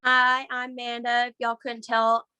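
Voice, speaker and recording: A woman's voice: fairly high pitch, monotone, unhurried, pushed and bright, clear, resonant tone, no room sound. A woman with an Arkansas accent introducing herself as a game contestant, friendly and laughing at herself. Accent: Arkansas Southern US. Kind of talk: casual self-introduction.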